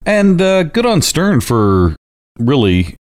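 A man's voice: fairly high pitch, big pitch swings, slow, no room sound, studio quality. A man with a Canadian accent co-hosting a podcast, chatting enthusiastically in an easygoing way. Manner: enthusiastic, easygoing, uses fillers like "if you will". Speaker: podcast co-host. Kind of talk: casual chat.

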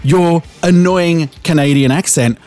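A man's voice: on the high side, a little slow, darkish tone, soft background music. An Australian man co-hosting a podcast in casual chat, blunt and profane, with a wheezy laugh. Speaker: podcast co-host.

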